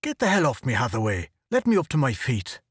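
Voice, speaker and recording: A man reading a storybook audiobook, voicing a big, gruff, brash male photographer with a blunt manner. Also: medium pitch, wildly swooping pitch, brisk, fairly bright tone, no room sound, clean studio sound, full character voice.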